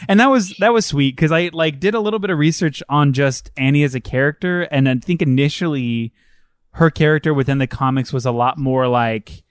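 A man co-hosting a podcast, chatting casually and enthusiastically, full of fillers and quick asides. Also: fairly high pitch, smooth, no room sound. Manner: enthusiastic, rambling with many fillers. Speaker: podcast co-host. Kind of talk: casual chat.

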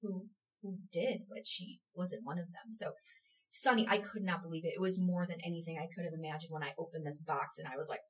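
A woman with a slightly low voice tells a story in a casual interview, animated and emotional, acting out the lines she quotes. She sits a little back from the mic, so she sounds somewhat distant. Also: brisk. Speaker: theater company producer.

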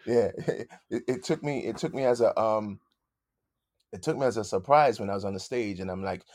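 A man's voice: on the low side, moderate pace, darkish tone, no room sound, studio quality. A man in his fifties with a light London accent, a musician telling stories in a casual interview, laughing and acting out other people's voices. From London, England. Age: 50s. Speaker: musician guest.

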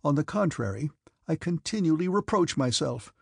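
Restrained young nobleman, read by a man, gravelly and husky, quiet and sad. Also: fairly high pitch, expressive, normal speed, no echo, studio quality, voice pushed up, full character voice. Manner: restrained, softly spoken.

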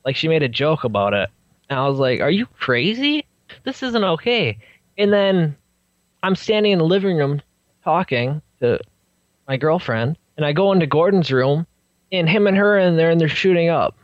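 A man's voice: fairly high pitch, brisk, no echo, lo-fi sound. A young man, a podcast guest, telling his own story and acting out what people said. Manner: animated storyteller acting out quotes. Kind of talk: recounting a personal story.

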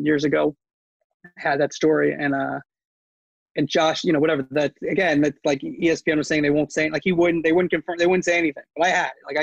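A man's voice: fairly high pitch, gravelly, no echo, lo-fi sound. A man who works as a sports media reporter, talking casually in an interview, rambling with many fillers and restarts.

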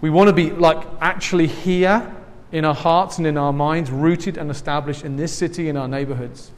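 A pastor with an English accent preaches a sermon through a face mask, earnest and conversational, adding asides and light laughs. His voice is fairly high with fairly even intonation at a moderate pace. The long reverb of a large hall surrounds him.

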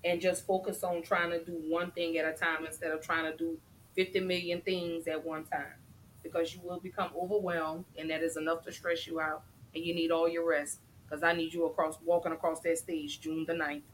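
A woman hosting a casual live-streamed mental health talk show, chatty and effusive, shouting out viewers. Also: lowish voice, flat delivery, a little fast, a little hiss or hum, rough recording.

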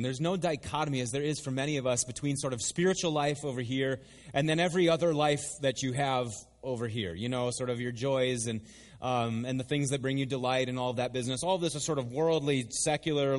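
A man preaching a sermon in a lively, conversational way with playful asides. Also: mid-range voice. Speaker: pastor. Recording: long hall reverb.

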